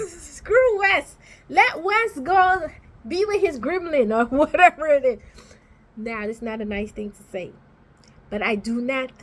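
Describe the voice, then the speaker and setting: A high-pitched woman talks straight to camera from her small home office. She is outspoken and animated, casually chatting through her takes on TV shows. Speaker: vlogger reviewing TV shows.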